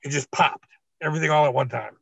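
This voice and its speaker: Gravelly, husky man telling blunt war stories. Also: a little high, quick pace, dry recording. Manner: blunt, profane, animated storytelling. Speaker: retired pro wrestler guest. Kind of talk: casual storytelling interview. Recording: dull, dry lo-fi recording.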